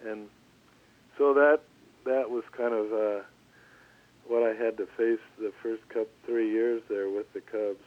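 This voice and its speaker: Older man telling stories over the phone. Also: on the low side. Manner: relaxed, halting, lots of restarts. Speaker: former pitcher, guest. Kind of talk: storytelling interview. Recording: tinny phone line.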